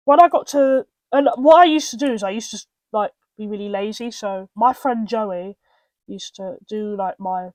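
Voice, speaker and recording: A young British woman with a mid-range voice hosts a podcast, heard in a dry recording. She rambles through casual personal stories, restarting often and adding asides.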